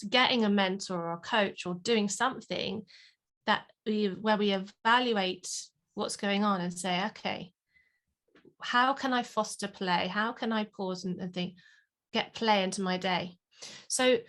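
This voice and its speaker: A woman's voice: medium pitch, fairly bright tone. A woman, a play and parenting consultant, talking animatedly in an interview and acting out parents and children. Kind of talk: podcast interview.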